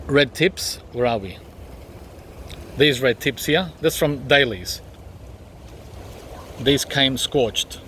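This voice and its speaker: A man's voice: mid-range voice, fairly bright tone, a little hiss or hum. A man chatting casually as he walks through his backyard garden, rambling with frequent ums as he points things out. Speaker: gardening vlogger.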